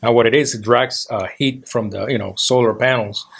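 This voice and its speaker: A man co-hosting a casual talk show, easygoing and laughing often, with halting English. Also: medium pitch, steady tone, vocal fry, a bit bright, breathy edge. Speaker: co-host.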